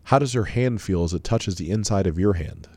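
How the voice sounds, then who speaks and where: Low-voiced man guiding a visualization. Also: brisk, darkish tone. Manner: coaching, asks many questions. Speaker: self-help speaker. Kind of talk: guided visualization talk.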